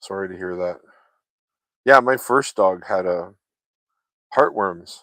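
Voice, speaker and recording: A man with a fairly low voice talks loosely to his viewers, drifting from one story to the next and swearing often. The sound is dry and close, with no room around it. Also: takes it slowly, a bit bright, no echo. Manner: loose, chatty, swears freely, laughs often. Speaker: vlogger chatting with viewers. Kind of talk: casual rambling chat.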